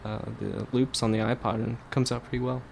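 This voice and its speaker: A man's voice: mid-range voice, level tone, a little fast, creaky. A young man, a band's guitarist and songwriter, chatting casually in a radio studio, rambling with lots of fillers and restarts. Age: young adult. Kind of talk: casual interview chat.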